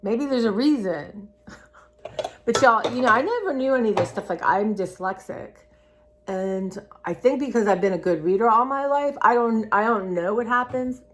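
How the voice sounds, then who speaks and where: A vlogger in her sixties chats casually to camera, rambling from one thought to the next and calling her viewers y'all. Her fairly high voice is animated and moves at a normal speed. There's a little hiss or hum in the recording.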